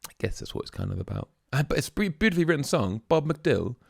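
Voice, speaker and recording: Guy chatting thru a song reaction, lots of ums, kinda gravelly, dead dry sound. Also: mid-range voice, sing-song, fast, no echo. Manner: chatty, musing aloud with fillers. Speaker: reaction video host. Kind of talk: casual reaction commentary.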